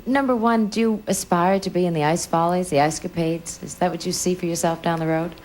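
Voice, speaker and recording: A woman on a game show panel, questioning in a brisk, businesslike way. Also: fairly low pitch, fairly even intonation, a little mellow.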